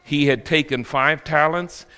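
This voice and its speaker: A man's voice: a little high, unhurried, pushed and bright, smooth, in a large hall. A man preaching a sermon, telling stories with acted quotes and laughter. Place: church sanctuary.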